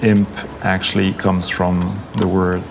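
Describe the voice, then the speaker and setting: Deep-voiced male researcher, methodical demo, clear music bed. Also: completely flat delivery, slow pace. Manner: step-by-step demonstrating. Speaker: head of research. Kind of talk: technical explanation.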